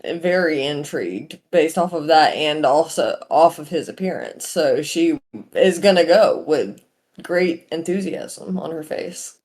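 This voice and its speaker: A woman's voice: low voice, unhurried, darkish tone. A woman playing a tabletop game, describing what her character does. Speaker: player.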